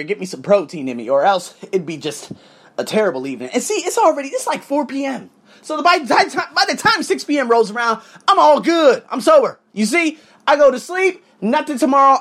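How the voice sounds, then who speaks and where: A man in his thirties hosts his own podcast, telling a rambling story full of swearing and side tangents. His voice is a bit husky, and his pitch swings widely from low mutters to high bursts. He is from Las Vegas and pauses now and then for a sip of his drink. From Las Vegas, United States. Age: 30s. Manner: animated, profane, drifts off into asides; sipping cognac while talking. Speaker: podcast host. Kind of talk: casual storytelling monologue.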